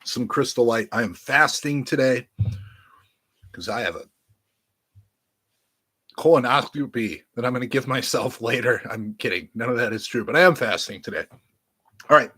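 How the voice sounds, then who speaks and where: A man's voice: medium pitch, moderate pace, long pauses, a bit bright. A man casually showing off his vinyl records to camera, rambling and joking crudely as he talks straight to his viewers through a webcam. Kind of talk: casual unboxing chat to camera.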